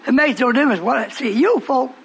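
A man's voice: very high-pitched, quick pace, creaky, fairly bright tone, husky. A man preaching a sermon, confronting and questioning his congregation.

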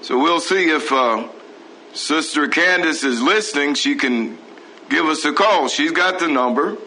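A man's voice: a little high, unhurried, pushed and bright, rough recording. A man preaching a sermon, asking the congregation rhetorical questions. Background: congregation responding.

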